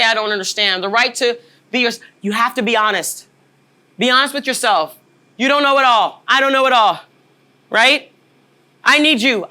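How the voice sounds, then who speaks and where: Bright emphatic woman trainer. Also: sits high. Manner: emphatic, keeps asking "right?" to the audience. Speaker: leadership trainer. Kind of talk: motivational workshop talk.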